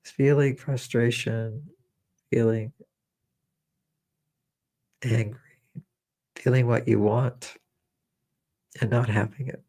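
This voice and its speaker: A man leading a guided meditation, speaking slowly and repetitively as he coaxes listeners through feelings and shares his own memories. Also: medium pitch, steady tone. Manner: slow, repetitive, gently coaxing with personal memories. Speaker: meditation teacher.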